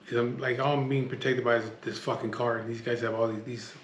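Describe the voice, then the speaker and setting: A man's voice: medium pitch, level tone, quick pace, echoey room, slight background noise. Blunt, hard-swearing man telling a story. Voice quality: blunt, heavy swearing, restless restarts. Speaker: storyteller recounting a street standoff. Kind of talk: casual spoken storytelling.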